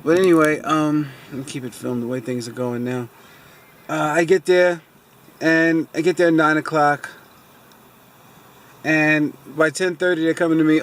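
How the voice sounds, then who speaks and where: A fairly high, bright-toned male voice keeps a steady tone and moderate pace, pausing often. The car vlogger, sitting in his parked car, rambles through a story about a dealership blunder, venting his frustration and repeating "so anyway."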